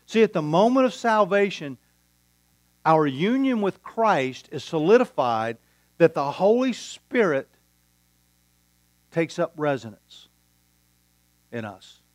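Male pastor, slow deliberate sermon delivery, slightly high voice, dry close sound. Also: very animated, dry recording. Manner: storytelling with quoted dialogue, deliberate pauses.

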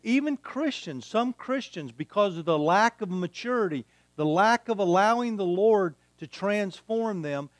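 Emphatic male preacher, slightly high voice. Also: no room sound. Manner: emphatic preaching, repeats key phrases. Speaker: pastor. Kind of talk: sermon.

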